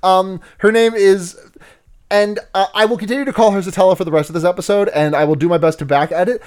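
A man with a notably high speaking voice talks casually on a podcast. He recaps an episode in a loose, rambling way and slips jokes into it. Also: steady tone, fast, darkish tone, clear, resonant tone. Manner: rambling, joking storyteller. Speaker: podcast co-host.

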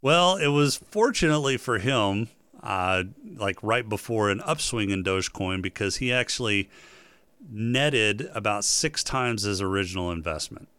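Animated podcast guy, pitch jumps all over, dry close mic, teases out the story. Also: moderate pace, clean tone, no echo. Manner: animated, builds up stories with questions. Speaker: podcast co-host. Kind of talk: casual chat.

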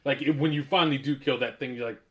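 A man's voice: mid-range voice, quick pace. A married man in casual conversation as a podcast co-host, telling stories animatedly, swearing and laughing often. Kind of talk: casual chat.

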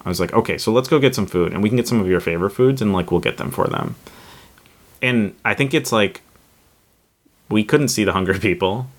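A man in his thirties co-hosting a podcast, telling a relaxed story about his young son. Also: fairly low pitch, fairly quick. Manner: relaxed, storytelling with many fillers. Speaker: podcast co-host. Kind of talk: casual conversation.

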